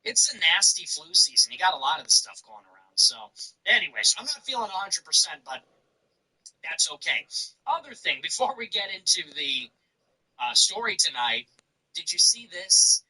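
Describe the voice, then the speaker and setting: A man's voice: high voice, sing-song, normal speed, pushed and bright, breathy edge, low-quality recording. A man hosting his own show, talking in a blunt, profane, casual ranting monologue. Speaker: show host.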